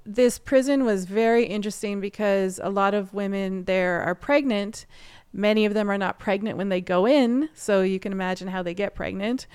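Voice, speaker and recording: Woman, 30s, interview guest; animated, chatty storyteller with a very clean, smooth voice. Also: mid-range voice, normal speed. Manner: chatty, animated, laughs often.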